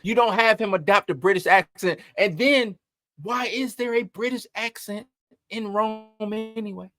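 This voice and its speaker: A man hosting an entertainment news commentary, talking in an animated, emphatic way and piling up rhetorical questions. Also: sits high, normal speed, no echo. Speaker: host.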